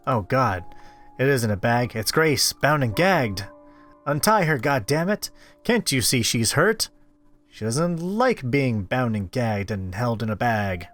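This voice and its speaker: A man reading a visual novel aloud as a game host, expressive with wry asides. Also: mid-range voice, a little slow, faint music behind. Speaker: let's-play host.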